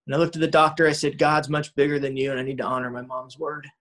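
A man's voice: a little high, little pitch movement, quick pace, a bit bright, low-quality recording. Rambling man telling a personal story. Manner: rambling, conversational, frequent restarts and "you know". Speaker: recovery meeting speaker.

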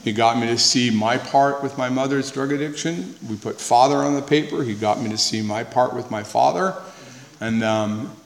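A man's voice: mid-range voice, moderate pace, creaky. Man sharing his story in an echoey hall. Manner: earnest and conversational, repeats words for emphasis, wry humor. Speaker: speaker at a recovery meeting. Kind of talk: personal testimony to an audience. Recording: echoey hall with faint noise.

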